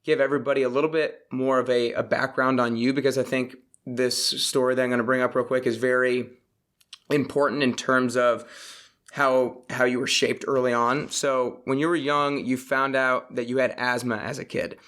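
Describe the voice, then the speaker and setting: A man's voice: mid-range voice, flat delivery, moderate pace, fairly bright tone. A man hosting a podcast, upbeat and enthusiastic in a casual interview. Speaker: podcast host.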